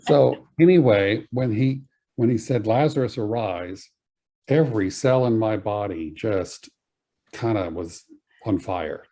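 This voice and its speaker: A man with a fairly low, warm voice tells a podcast audience about a spiritual experience of his own. He's sincere but hesitant, pausing a lot and leaning on fillers.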